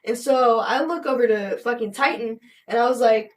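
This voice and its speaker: A woman with a fairly high voice co-hosts a casual podcast chat. She tells her story bluntly and with lots of swearing, in an animated, unfiltered way. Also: moderate pace. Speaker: podcast co-host.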